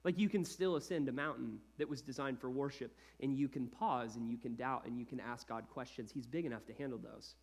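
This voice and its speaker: A man in his thirties preaching a sermon as a pastor, in an animated, conversational style with lots of casual asides. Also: mid-range voice, fairly quick, creaky, hardly any pauses.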